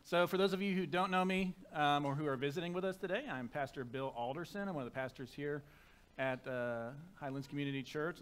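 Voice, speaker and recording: Pastor, chatty sermon. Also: male voice, a little high. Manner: conversational and self-deprecating, with soft reverent prayer. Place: church sanctuary. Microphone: microphone.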